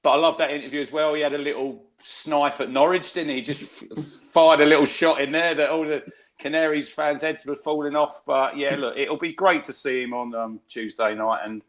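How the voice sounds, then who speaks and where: A man's voice: fairly high pitch, fairly quick. Man, middle-aged, chatty co-host, anecdote-driven, filler-heavy delivery. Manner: chatty storyteller, lively anecdotes, many fillers. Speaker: podcast co-host. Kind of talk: casual football chat.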